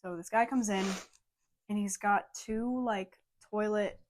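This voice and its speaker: A young woman co-hosting a podcast, telling a story in a casual, animated way and saying "like" often. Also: medium pitch, unhurried. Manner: animated storytelling, heavy use of "like". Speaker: podcast co-host.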